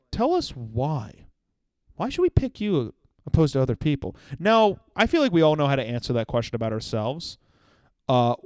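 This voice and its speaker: Animated young man telling a comic story. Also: fairly high pitch, clear, resonant tone, no room sound, studio quality. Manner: animated storytelling with acted-out quotes and sudden shouts. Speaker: comedian podcast host. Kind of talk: solo comedic monologue.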